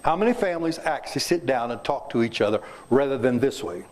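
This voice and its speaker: A man's voice: mid-range voice, lively intonation, fast talker, a little mellow. A man in his seventies from Kansas, giving a folksy, joking talk to a club and quizzing the audience. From south central Kansas, USA. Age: 70s. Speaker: guest speaker. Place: club meeting room.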